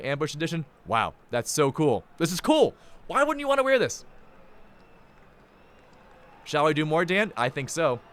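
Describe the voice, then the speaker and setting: A man hosting a live sports stream, signing off with excitable, hype-filled chatter and big swings in pitch. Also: smooth. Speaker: play-by-play host.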